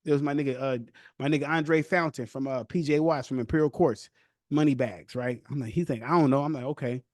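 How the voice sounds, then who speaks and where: A young man hosting a podcast, telling his own story casually with loose street slang and animated retellings. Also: medium pitch, a little fast, no room sound.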